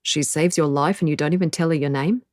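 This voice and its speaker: A woman's voice: low-pitched, steady tone, quick pace, darkish tone, dry recording, studio quality, lightly acted. A woman voicing an eager, persuasive male fisherman.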